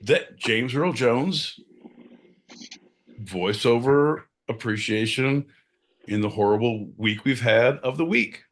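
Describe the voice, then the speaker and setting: A man's voice: mid-range voice, lively intonation, takes it slowly. A man co-hosting a podcast in rowdy, profane casual chat, breaking into mock-announcer bits. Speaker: podcast co-host.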